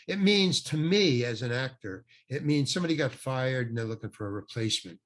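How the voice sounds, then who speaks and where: An older man, a guest actor, telling an anecdote in an animated way and acting out the people he quotes. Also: on the high side, moderate pace, hardly any pauses. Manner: animated, acts out quoted voices. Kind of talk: anecdotal storytelling.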